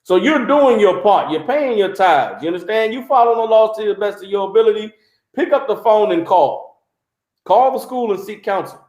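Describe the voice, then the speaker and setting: A man preaching on a livestream, animated and mocking, often asking "You understand?". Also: high-pitched, moderate pace, reverberant. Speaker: religious teacher.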